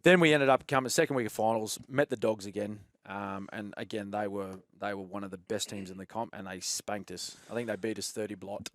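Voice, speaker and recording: A man with an Australian accent telling old rugby league stories in a casual chat, lively and laughing often, calling his listener "mate". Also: lowish voice, a little fast, few pauses, no echo. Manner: animated, laughs often, says "mate" a lot. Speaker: podcast guest, former rugby league player.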